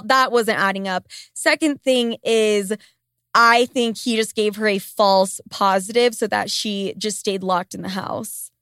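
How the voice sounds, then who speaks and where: A woman's voice: mid-range voice, fairly bright tone, no echo. Woman, twenties, podcast host, stuffy congested voice, profane and sarcastic, rambling chatter, dry close basement studio sound. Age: 20s. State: congested with a cold. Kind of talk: casual solo podcast chat. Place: small home studio in a basement. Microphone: studio microphone.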